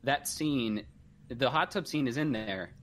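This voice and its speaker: A man's voice: mid-range voice, measured pace, fairly bright tone, a little hiss or hum. A man co-hosting a casual podcast, speaking bluntly and emphatically with harsh criticism. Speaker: podcast co-host. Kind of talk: casual chat.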